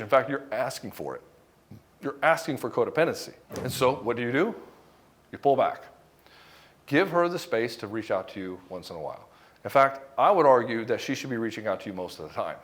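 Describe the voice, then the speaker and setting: A middle-aged man coaching other men on relationships, talking quickly and bluntly with casual profanity. His voice sits at an ordinary pitch, and he slips into quick acted-out exchanges to make his points. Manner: blunt, profane, acts out quoted dialogue. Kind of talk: direct-to-camera advice monologue.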